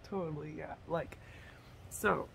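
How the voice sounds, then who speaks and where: Woman, casual rambling monologue, slow pace, giggly, scattered, faint noise behind. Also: low-pitched, steady tone, vocal fry. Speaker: tarot vlogger.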